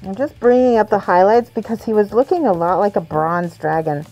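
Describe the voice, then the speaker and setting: A woman's voice: medium pitch, a little fast, dull audio, faint music behind. A woman chatting casually and rambling with frequent giggles while she paints miniatures for her viewers. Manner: chatty, rambling, giggly, soft when concentrating.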